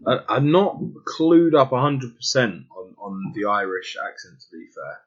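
Here the London-accented man from England sounds very animated, with a breathy edge and mid-range pitch at a moderate pace. He's still chatty and hesitant with many restarts, captured in dull lo-fi sound.

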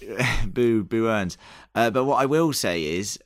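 Brief: male host, very low voice, upbeat and teasing, dry close mic. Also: animated, a little slow, no echo. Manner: leads the talk, teasing and upbeat. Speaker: podcast host. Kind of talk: casual podcast chat.

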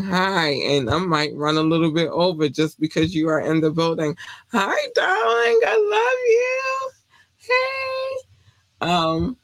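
Slightly high, gravelly male voice heard up close and dry, like a small untreated space with no echo. He hosts a casual live-stream podcast, chatting loosely. His shout-outs to listeners are effusive and gushing, with greetings that leap up into squeals. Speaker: podcast host.

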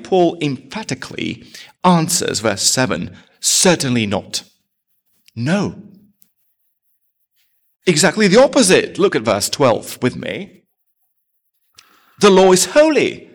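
A man's voice: mid-range voice, vocal fry. A man preaching a sermon as pastor, asking his congregation rhetorical questions.

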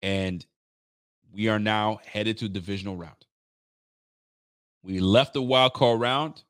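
A man's voice: fairly low pitch, fairly even intonation, slow, fairly bright tone, clean tone, dry recording, studio quality. A tired man hosting a live post-game reaction stream for a fan channel, hyped and rambling, trash-talking the rivals. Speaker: sports fan channel host.

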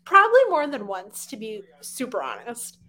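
A woman's voice: a little high, huge pitch swings, moderate pace, bright, forceful tone. A young woman in casual chat as a podcast co-host, chatty with lots of fillers.

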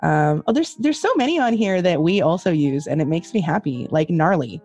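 A woman's voice: fairly low pitch, expressive, brisk, a little mellow, soft background music. A woman hosting a podcast in casual chat, chatty and swearing freely while laughing at herself. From Canada. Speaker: podcast host.

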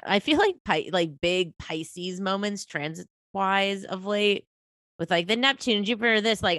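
A woman's voice: medium pitch, fairly bright tone, no room sound, clean studio sound. Sick, nasal woman chatting casually. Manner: rambling, swears casually, laughs often. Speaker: podcast co-host. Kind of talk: casual chat about astrology.

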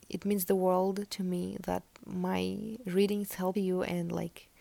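A woman's voice: fairly low pitch, no room sound. A woman, not an English speaker, giving a casual spoken tarot reading, rambling with fillers and correcting herself, often near a whisper. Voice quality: gravelly, soft near-whispered stretches. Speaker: tarot reader podcast host.

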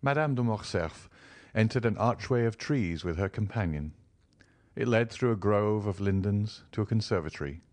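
A man narrating a classic novel for an audiobook in a measured, expressive way. His voice is on the low side, and the recording is dry, close and free of room sound. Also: dry recording. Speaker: audiobook volunteer reader.

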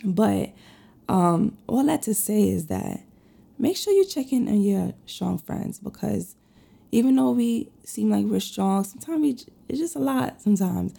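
A woman's voice: mid-range voice, big pitch swings, a little slow, creaky, dark tone. A woman in her thirties, getting over a cold, chatting candidly to her listeners in a rambling way with many fillers. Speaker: podcast host and lash artist. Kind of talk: casual personal chat to listeners.

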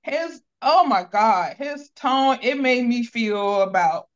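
A woman's voice: a little high, lively intonation, slow, muffled recording. A woman chatting on a podcast, retelling a story playfully with quoted voices. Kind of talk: casual chat.

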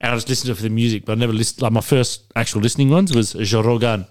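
A man's voice: medium pitch, steady tone, racing. A man in a casual podcast chat with friends at home, teasing, swearing and laughing often. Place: home, drinking at night.

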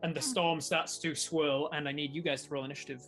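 A man runs a tabletop game as game master, with a voice a touch high and an easy, animated delivery. He laughs often between the rolls. Faint music plays behind him. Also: brisk.

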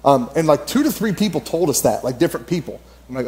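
A fairly high-voiced man speaking at church in a loose, storytelling way. He rambles, fills gaps with "uh" and "like," and breaks into laughter as he talks. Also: very animated, fast talker, few pauses, a little mellow. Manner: rambling, laughs often, many fillers. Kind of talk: casual storytelling sermon.

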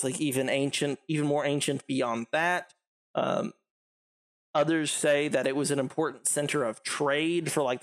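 A man narrating a tabletop game as game master, rambling with many fillers and laughing easily. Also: a little high.

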